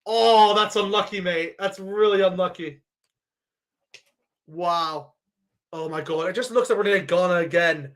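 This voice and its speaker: A man giving a live reaction to a sports draw, excitable and thinking aloud as he keeps addressing his viewers. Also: high voice, normal speed, pauses often. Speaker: sports vlogger.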